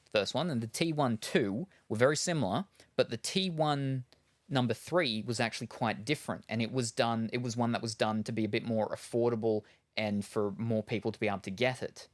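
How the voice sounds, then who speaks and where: A man's voice: mid-range voice, normal speed. Aussie guy rambling thru an unboxing, loads of ums, just chatting away. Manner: rambling, lots of ums and trailing asides. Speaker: streamer. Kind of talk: casual unboxing chat.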